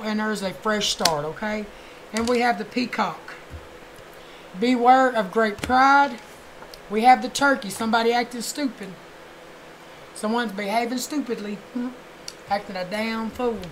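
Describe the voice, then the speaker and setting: A woman's voice: on the high side, a little hiss or hum, low-quality recording. Chatty woman doing a tarot reading. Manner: chatty, swears casually, fillers like "you know"; murmurs softly while shuffling and chanting signs. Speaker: tarot card reader.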